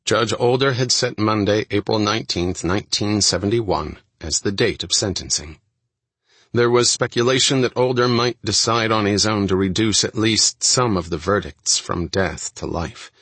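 A man narrating a first-person true-crime audiobook in a steady, measured reading. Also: on the low side, slightly rough, dry recording.

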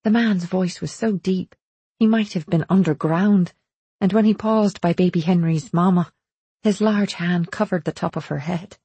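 A woman narrates a first-person story for an audiobook in a steady, measured reading. Her voice is lowish, dark and husky. The recording is dry and close. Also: dry recording.

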